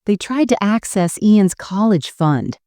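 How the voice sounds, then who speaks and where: A woman voicing a calm, steady husband who speaks firmly and grimly, in a dry recording. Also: mid-range voice, unhurried, dry recording, voice pushed up. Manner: calm, unwavering.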